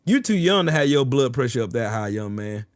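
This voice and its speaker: A man's voice: mid-range voice, big pitch swings, a little fast, no echo, clean studio sound. A man trash-talking his chat on a livestream, taunting and boasting, repeating his jabs over and over. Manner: profane, boastful. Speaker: streamer arguing with chat.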